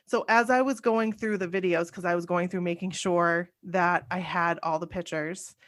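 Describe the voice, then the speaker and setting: A woman's voice: fairly low pitch, fairly even intonation, normal speed. Chatty woman host telling a story. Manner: chatty, run-on storytelling with many "like"s. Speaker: podcast host. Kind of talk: casual chat, personal storytelling.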